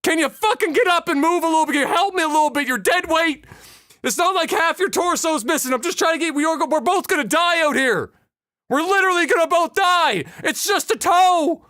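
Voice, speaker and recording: Guy playing an exasperated army medic, high strained yelling, bright tone. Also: lively intonation, fairly quick, no echo, studio quality, exaggerated voice. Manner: strained, swearing, shouting. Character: exasperated male army medic dragging a soldier.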